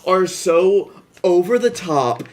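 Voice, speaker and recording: Guy cohosting a movie podcast, kinda high voice, dry and wry about it. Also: slow pace. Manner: wry, deadpan recaps with playful put-on voices. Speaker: podcast co-host. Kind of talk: casual movie review chat.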